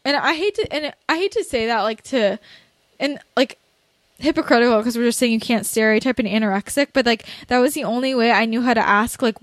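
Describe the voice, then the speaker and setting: High-voiced blunt young woman. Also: no room sound. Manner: blunt, rambling, lots of "like", laughs through tears. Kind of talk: candid conversation.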